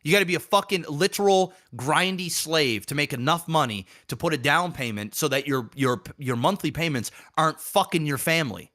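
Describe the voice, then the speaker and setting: A man's voice: fairly high pitch, expressive, brisk, hardly any pauses, pushed and bright. Heated, swearing man ranting. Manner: profane, heated, repetitive. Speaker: podcast co-host. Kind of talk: ranting casual chat.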